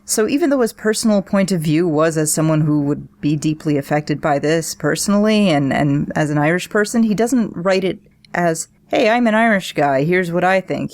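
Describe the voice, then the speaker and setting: A woman co-hosting a podcast, talking through satire in an animated, analytical way. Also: deep voice, normal speed. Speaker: podcast co-host. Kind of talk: casual podcast discussion.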